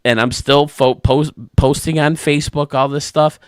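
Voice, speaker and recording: A man's voice: a little high, normal speed, clean tone, no echo, studio quality. A man who hosts a gaming channel, telling a funny anecdote casually to his viewers and chuckling as he goes. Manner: animated, chuckling anecdote-teller. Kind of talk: casual storytelling to camera.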